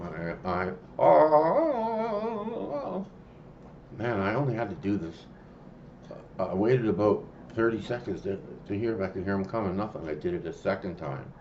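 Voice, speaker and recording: A man telling a personal story in a rambling, halting way, full of fillers and restarts. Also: sits low, muffled recording, slight background noise. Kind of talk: casual spoken storytelling.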